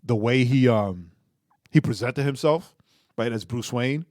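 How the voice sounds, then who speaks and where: Guy cohosting a podcast, talks lively and laughs a lot, dry close mic. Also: medium pitch, unhurried, dry recording. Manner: animated, laughs often, repeats himself. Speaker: podcast co-host. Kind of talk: casual chat.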